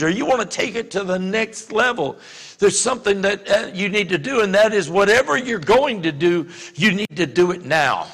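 A man with a Louisiana accent preaching a sermon as pastor, talking conversationally with many restarts and rising to shouts. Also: high-pitched, gravelly, big-room sound.

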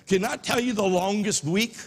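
A preacher with a high, husky, slightly breathy voice delivers an impassioned sermon at a moderate pace. He moves from quiet asides to ringing shouts, and the long reverb of a large church sanctuary trails each phrase.

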